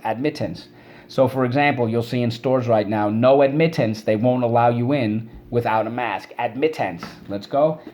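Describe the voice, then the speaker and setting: A man's voice: medium pitch, mellow, slight background noise. A man teaching a spelling and vocabulary lesson, drilling words syllable by syllable and prompting students to repeat after him.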